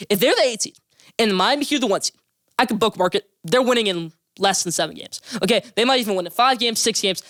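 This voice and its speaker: A young man hosting a solo sports podcast, giving rapid, emphatic, opinionated takes and repeating names for emphasis. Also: high voice, a bit bright, dry recording, clean studio sound.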